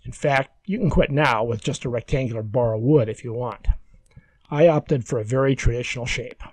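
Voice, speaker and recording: Speaking at a medium pitch, a man reads scripted woodworking instructions step by step, calm and measured in tone. No room sound can be heard.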